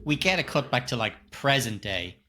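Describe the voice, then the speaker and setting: A man co-hosting a casual podcast film review, animated and jumping high in pitch when baffled. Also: moderate pace, background noise. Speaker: podcast co-host.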